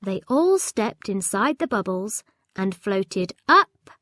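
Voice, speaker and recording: A woman reading a children's storybook aloud in a slow, clear and expressive way. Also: medium pitch, dry recording, studio quality. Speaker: storybook reader.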